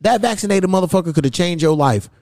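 A young man from hosting a podcast, telling loose, profane stories in casual chat and jumping his pitch high when he quotes someone. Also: expressive, fast talker, gravelly, darkish tone, no echo, clean studio sound. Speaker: podcast host.

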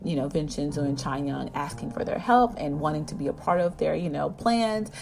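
A woman giving a casual, animated episode recap. She rambles with many fillers and keeps acting out the characters' lines. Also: deep voice, brisk, creaky. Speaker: drama recap vlogger.

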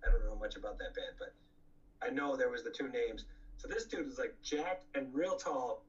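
A man in a casual interview spins loose, profane road stories from his punk band days, chuckling and circling back with fillers. His voice sits at an ordinary pitch for a man. He sounds a little away from the mic, on a dull, lo-fi recording. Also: moderate pace. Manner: profane, laughing, rambling with many fillers. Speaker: punk band frontman guest. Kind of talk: casual anecdotal storytelling. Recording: slightly distant, dull lo-fi mic.

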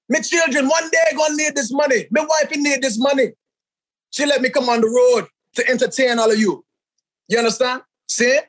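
A man doing an exaggerated Jamaican accent as a money-hungry, boastful showman who shouts and drags out his words. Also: very high voice, pitched above the performer's own voice. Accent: Jamaican, put on.

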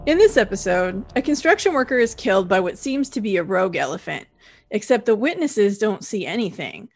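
A woman's voice: medium pitch, big pitch swings, brisk, a little mellow, faint music behind. A woman co-hosting a podcast, chatting casually and laughing easily. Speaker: podcast co-host.

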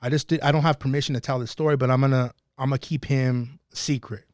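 A man's voice: mid-range voice, steady tone, quick pace, darkish tone, dry recording, clean studio sound. A man in casual podcast chat, talking passionately and swearing often as he tells stories. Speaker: podcast guest.

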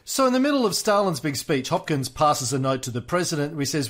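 Male podcast co-host, high and animated voice, jokey storyteller. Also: quick pace, few pauses. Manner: jokey storytelling with frequent "uh" fillers. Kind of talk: casual chat.

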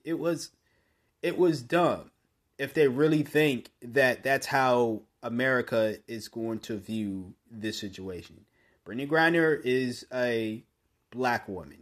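A man delivers a solo podcast monologue in a blunt, opinionated way, his voice sitting at an ordinary middle pitch. He talks in a loose, conversational flow, restarting phrases as he goes, then pushes into loud, emphatic bursts to drive a point home. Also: a little slow. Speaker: podcast host.

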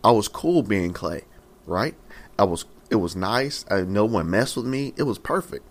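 Young man doing a talking clay cup, suffering, pleading, repetitive anguished questions, lowish voice. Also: expressive, normal speed. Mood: wistful. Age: 20s.

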